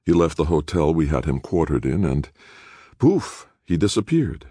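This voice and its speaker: A man's voice: extremely low pitch, sing-song, normal speed, mellow, breathy edge, no echo, studio quality, voice pushed up, heavily acted. A man voicing a powerful chairwoman who speaks almost pleasantly while making veiled threats. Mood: silky menace. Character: powerful woman chairwoman, silky and menacing.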